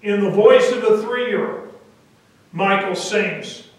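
A male pastor telling a story in a sermon, deliberate and halting now and then, recorded from a distance in a church. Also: high voice, very echoey. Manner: deliberate, with hesitant fillers. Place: church sanctuary.

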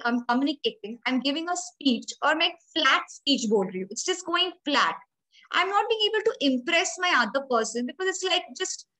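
Woman, Indian English accent, high voice, emphatic trainer explaining step by step, lecture to listeners. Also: pushed and bright, rough recording. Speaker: grooming trainer.

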